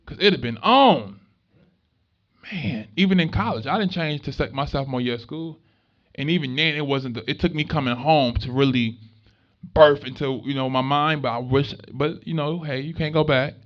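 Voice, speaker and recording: A young adult man gives an animated motivational talk, telling stories conversationally and using street slang. His voice is a little high and his speed is normal. He speaks to a live student audience in a room, captured on a dull lo-fi recording.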